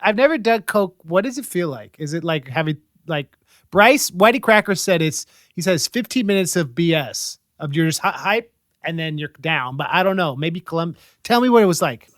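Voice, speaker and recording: A man's voice: fairly high pitch, lively intonation, normal speed, fairly bright tone, no echo, studio quality. A man hosting a podcast, asking curious follow-up questions in a casual interview. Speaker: podcast host.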